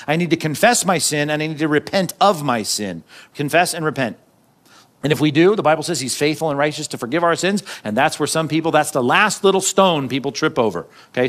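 A man's voice: fairly high pitch, fairly bright tone. A man preaching a sermon in a conversational way, often checking in with "right?" and acting out quoted lines. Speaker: pastor.

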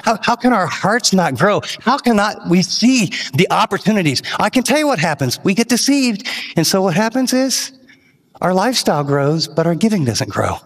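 A man's voice: sits high, big pitch swings, normal speed. Man preaching in a big echoing hall. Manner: earnest, emphatic preaching with rising questions. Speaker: pastor. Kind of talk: sermon.

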